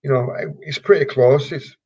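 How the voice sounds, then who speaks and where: Speaking as a guest in a relaxed storytelling interview, this older Yorkshireman, once a wrestler, halts and wanders through his tales with plenty of fillers and false starts. The voice sits at medium pitch, slightly rough and a bit mellow, captured on dull-sounding audio.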